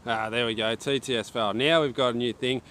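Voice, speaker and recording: A man's voice: mid-range voice, steady tone, quick pace, fairly bright tone. An Australian man chatting casually on a livestream, rambling and talking to himself and his viewers. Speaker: archery livestreamer.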